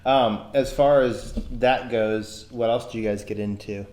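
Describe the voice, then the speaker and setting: A man's voice: medium pitch, steady tone, a little slow, a little mellow. A man co-hosting a podcast, chiming in with short affirmations and questions in casual chat, recorded on location. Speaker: podcast co-host. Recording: echoey on-location recording with faint ambience.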